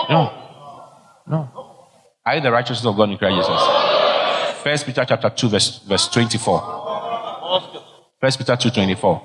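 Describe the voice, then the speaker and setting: Emphatic preacher in a reverberant hall. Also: male voice, mid-range voice, lively intonation, normal speed, long pauses, very noisy. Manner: emphatic, exhorting, repeats key phrases. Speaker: pastor. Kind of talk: sermon.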